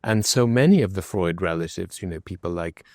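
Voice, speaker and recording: A man's voice: deep voice, a little fast, dry recording, clean studio sound. A man interviewing a guest, asking long, effusive and admiring questions.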